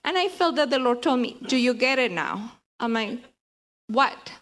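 Woman giving a church testimony, slightly high voice, earnest, stops and restarts often. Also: animated, a bit bright. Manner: earnest, halting with repeated restarts. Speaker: church member sharing testimony. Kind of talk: personal testimony in a group.

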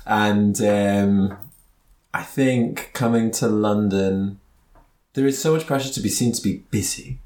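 A man's voice: on the low side, takes it slowly, a little mellow, echoey room. Camp young man, theatrical. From Birkenhead, Merseyside. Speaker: guest, writer. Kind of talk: casual chat. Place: home kitchen.

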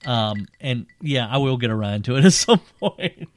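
A man co-hosting a podcast, chatting casually about an old cult film, rambling and animated and laughing often. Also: mid-range voice, normal speed, no room sound. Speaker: podcast co-host.

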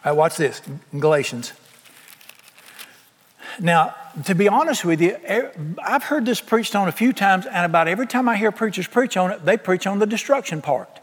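A man preaches with a high, lively voice and a homespun, animated delivery. He slips into quick acted-out voices to make his points. The sound carries a long reverb, as in a large church hall. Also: slightly rough. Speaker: pastor. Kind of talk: sermon.

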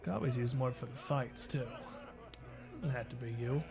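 A man voicing a curt, gravelly woman who runs a criminal guild in a tabletop game, speaking low and businesslike. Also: moderate pace, music in the background, close to an everyday voice. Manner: terse and businesslike, low and hushed. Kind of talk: tabletop role-play character voice.

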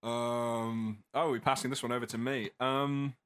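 A man co-hosting a podcast, trading excitable, laughing comic banter. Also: medium pitch, unhurried, clean tone. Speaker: podcast co-host.

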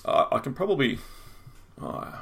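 A man's voice: medium pitch, wildly swooping pitch, gravelly, fairly bright tone. Rambling man telling a strange story. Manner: rambling, halting with restarts and fillers. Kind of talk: casual storytelling chat.

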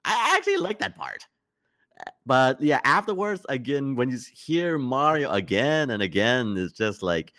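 A man's voice: mid-range voice, sing-song, moderate pace, bright, forceful tone, no echo. A young man co-hosting a podcast, rambling with lots of fillers and emphatic complaints. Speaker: podcast co-host. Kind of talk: casual podcast chat.

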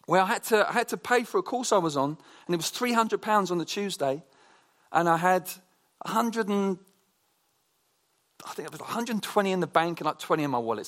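Sounding slightly higher than most men, this preacher keeps his sermon loose and conversational. He shares personal stories with lively, talkative energy, often backing up to begin a sentence again.

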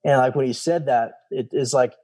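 A man in his thirties tells his story in a casual interview. His voice is mellow and warm, and he acts out the people he quotes. He swears casually as he talks. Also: mid-range voice, moderate pace. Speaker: guest, former special operations soldier.

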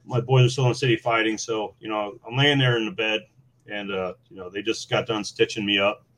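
A man's voice: lowish voice, fairly quick. A former Marine recounting his experiences in a casual podcast conversation, laughing and leaning on fillers as he goes. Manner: animated, laughing, many fillers. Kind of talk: casual storytelling.

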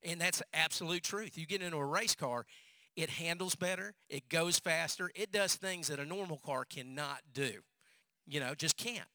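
A male pastor delivers a sermon in a very bright, forceful voice pitched a little high. He tells stories with energy and doubles back on phrases for emphasis. The sound is close and dry. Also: normal speed, no echo. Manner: animated storyteller, repeats phrases for emphasis.

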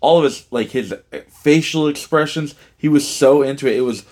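Man, podcast co-host, loose excitable chat, heavy on fillers. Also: a little high, moderate pace. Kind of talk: casual movie review chat.

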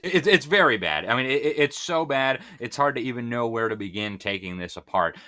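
A man's voice: medium pitch, expressive, a little fast, sharp tone. A man speaking as an interview guest, talking with fervent, preacher-like emphasis. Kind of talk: impassioned interview commentary.

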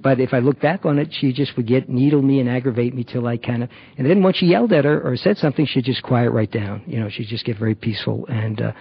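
A middle-aged man shares his personal testimony in a halting way, stopping often on fillers and restarting his sentences. His voice is gravelly and husky. The recording is dry and dull, with a muffled lo-fi sound. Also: medium pitch, fairly even intonation, dry recording. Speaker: recovery program member.

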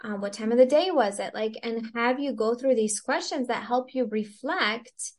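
Her voice is on the high side and moderately paced as she guests on a podcast for a casual interview. A Christian stress coach by profession, she speaks chattily and reflectively, thinking things through aloud and peppering her talk with "like."

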